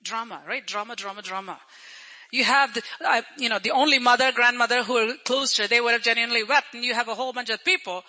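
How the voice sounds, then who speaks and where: Male preacher with an unusually high, piercing bright voice, chatty storytelling sermon, repeats lines for emphasis. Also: quick pace, rough recording. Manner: storytelling preacher who acts out crowd voices; conversational, repeats phrases for emphasis.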